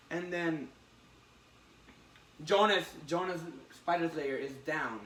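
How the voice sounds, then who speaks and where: A man casually recapping a comic story with a friend. He talks in halting bursts and acts out the characters' lines. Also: fairly high pitch. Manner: excited, halting retelling with acted quotes. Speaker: podcast co-host recapping a comic. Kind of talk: casual chat. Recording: roomy, distant mic with faint hiss.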